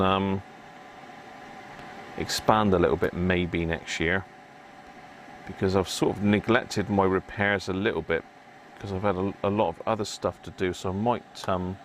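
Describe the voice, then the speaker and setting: A low-pitched British man talks his way through a repair on a livestream, loose and rambling, poking fun at himself as he goes. Faint noise sits under his voice. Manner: chatty, rambling, self-mocking. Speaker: radio repair livestream host. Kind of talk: casual livestream chat while working.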